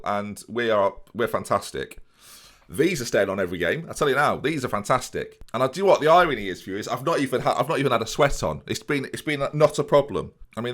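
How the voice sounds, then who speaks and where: Lively game commentator, man. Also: on the low side. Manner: animated play-by-play, addresses viewers, jokey asides. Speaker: Football Manager let's play host.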